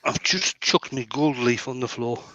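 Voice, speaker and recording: Bright-voiced man running a craft stream. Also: mid-range voice, moderate pace, dry recording, muffled recording. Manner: relaxed, self-deprecating about his work. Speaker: craft demonstrator and show host. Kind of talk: casual live-stream chat.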